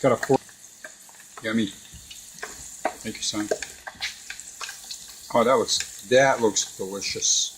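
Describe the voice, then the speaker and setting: A man's voice: lowish voice, slow pace, pauses often, background noise. A middle-aged man cooking at home with his son, chatting casually and telling a story with lots of laughs. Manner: chatty, animated storyteller who laughs often. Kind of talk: casual kitchen chat. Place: home kitchen beside a deep fryer.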